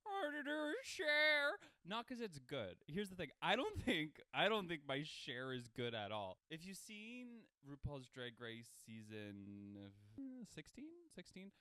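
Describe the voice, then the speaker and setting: A man's voice: on the high side, very animated, a little slow, hardly any pauses, pushed and bright, clean tone, no room sound. A young man from Canada hosting a casual solo podcast, rambling and self-deprecating. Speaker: podcast host.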